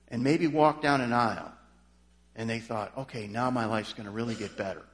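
A male pastor preaching a sermon, swinging from quiet, low passages to loud, emphatic declarations. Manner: emphatic preaching, voice dropping soft then rising loud. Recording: long hall reverb.

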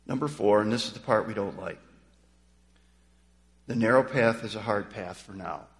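A male pastor preaching a sermon, swinging from quiet, low passages to loud, emphatic declarations. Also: moderate pace. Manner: emphatic preaching, voice dropping soft then rising loud. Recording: long hall reverb.

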